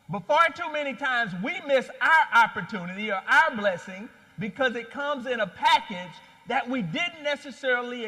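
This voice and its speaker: A man giving a live keynote speech at an expo, telling a story and rallying the crowd with animated energy. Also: very high-pitched. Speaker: founder and CEO giving a keynote. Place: large hall at a live expo. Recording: long hall reverb.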